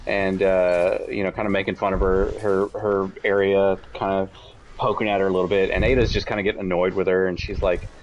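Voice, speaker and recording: A man co-hosting a casual podcast, excitedly retelling game lore with many restarts and quick acted-out quotes. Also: low-pitched, highs cut off, slight background noise. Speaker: podcast co-host.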